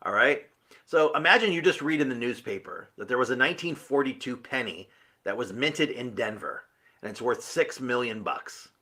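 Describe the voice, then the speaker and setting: A man's voice: medium pitch, lively intonation, normal speed, sharp tone. A man giving an earnest, emphatic motivational talk, full of rhetorical questions. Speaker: motivational speaker.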